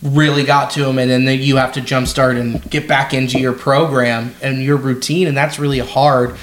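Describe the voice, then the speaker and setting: A man co-hosting a podcast, chatting casually about sports, excitable and swearing freely. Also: medium pitch, moderate pace, slight background noise. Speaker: podcast co-host. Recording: roomy echo.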